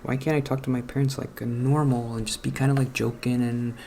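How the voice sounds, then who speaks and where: A man in his late twenties talking softly and haltingly over a video game, trailing off and questioning himself. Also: medium pitch, little pitch movement, vocal fry, a little hiss or hum. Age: late 20s. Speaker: gaming channel host. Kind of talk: casual let's-play commentary with personal talk.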